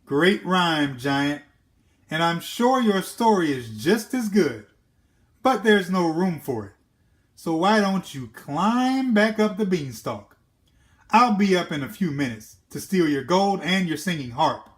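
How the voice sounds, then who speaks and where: A man voicing cocky Jack in a children's storybook reading, talking fast and brashly. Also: sits high, sing-song, heavily acted. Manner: brash, quick and fussy. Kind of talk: children's storybook read-aloud.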